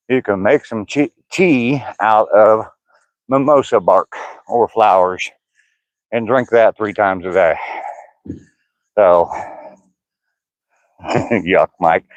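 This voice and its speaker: Older guy rambling jokes on a trail walk, lowish voice, dull dry phone sound. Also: slow pace, long pauses, no echo. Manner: jokey, laughing, reading chat comments aloud. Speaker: vlogger. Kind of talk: casual live-stream chat while walking. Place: outdoor walking trail.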